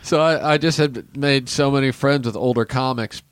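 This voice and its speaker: A man's voice: mid-range voice, normal speed, clear, resonant tone, no room sound. A man telling a loose, rambling story in casual podcast chat, acting out the other people's voices.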